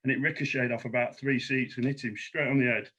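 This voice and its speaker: A man guest on a podcast, telling cricket stories in a lively, salty, chuckling way. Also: mid-range voice, fast talker, highs cut off, a little hiss or hum. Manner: animated storyteller, salty language, chuckles. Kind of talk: casual anecdote telling.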